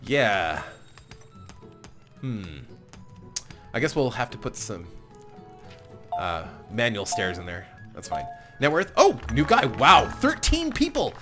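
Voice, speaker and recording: A man's voice: medium pitch, huge pitch swings, slow pace, long pauses, pushed and bright, faint music behind. A man hosting a let's-play, chatty and self-mocking, often apologizing and laughing as he plays. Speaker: gaming channel host. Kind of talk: casual let's-play commentary.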